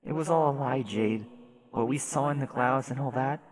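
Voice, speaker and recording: Man playing a gentle coaxing companion. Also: mid-range voice, moderate pace, crowd noise, lightly acted. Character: patient companion urging a grieving girl.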